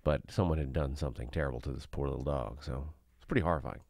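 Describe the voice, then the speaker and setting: A man co-hosting a podcast, telling stories in an animated way and laughing easily. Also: extremely low pitch, fast talker, gravelly, no room sound, studio quality. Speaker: co-host. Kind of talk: casual chat.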